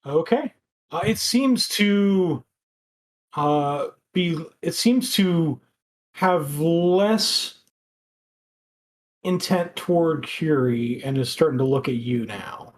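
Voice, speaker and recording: Game master talking folks thru a tabletop fight, lots of uhs, calm and steady. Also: medium pitch. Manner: halting, many fillers, calm rulings.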